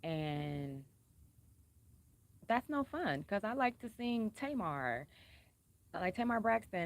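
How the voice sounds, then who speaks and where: A blunt woman talks straight to her audience, cussing freely and hammering her points home with repetition. Her voice sits a little low for a woman, and she keeps it calm and level even when she is being pointed. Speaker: vlogger. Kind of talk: casual personal talk to camera.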